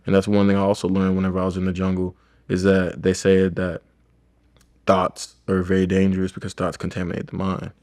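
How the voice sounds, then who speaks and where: A man with a very low voice and a flat, even delivery. He talks loosely and reflectively, rambling through stories in a relaxed conversation. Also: brisk. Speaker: chiropractor. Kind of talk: casual podcast conversation.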